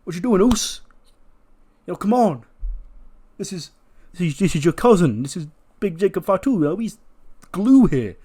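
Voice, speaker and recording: A man voicing a male wrestler who pleads loudly with his leader to calm down. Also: high-pitched, moderate pace, long pauses, breathy edge, pitched above the performer's own voice, heavily acted. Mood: pleading. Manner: pleading, raised voice.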